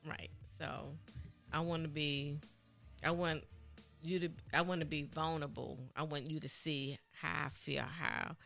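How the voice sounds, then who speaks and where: Animated woman radio host. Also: low-pitched, unhurried, vocal fry, faint music behind. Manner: animated, repeats herself, laughs often. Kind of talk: casual radio chat.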